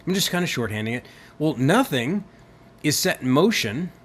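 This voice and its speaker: A man giving a theology lecture, animated and emphatic, asking his listeners rhetorical questions. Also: on the high side, normal speed, a little hiss or hum. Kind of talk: recorded lecture.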